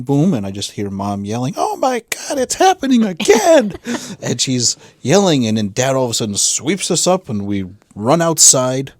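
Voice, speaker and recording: A middle-aged man with a low voice talks casually on a podcast, wandering through his story with lots of restarts and trailing-off phrases. The sound is dry and close, with no room around it. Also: no room sound. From western Massachusetts. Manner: rambling, halting storytelling with many restarts. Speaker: podcast co-host. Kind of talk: casual conversation.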